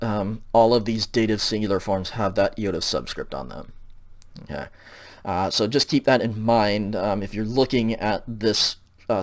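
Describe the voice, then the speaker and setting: A man giving a recorded lecture over slides, patient and explanatory, checking in often and filling pauses with ums. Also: lowish voice. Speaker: teacher.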